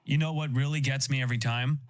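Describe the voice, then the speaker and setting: A man's voice: mid-range voice, steady tone, quick pace. A man in his thirties, a laid-back guest on a stream, chatting and cracking puns. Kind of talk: casual stream chat.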